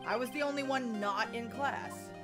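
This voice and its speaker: A woman's voice: a little high, moderate pace, lightly acted. Woman reading as a rueful young man. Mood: wistful. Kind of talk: game narration read aloud. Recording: music playing underneath.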